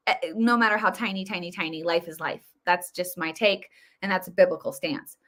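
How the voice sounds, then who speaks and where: A woman's voice: on the low side, fairly even intonation, fairly quick, few pauses, a bit bright. A woman hosting a casual political commentary show, talking in a chatty, opinionated way with many fillers and restarts. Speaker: host.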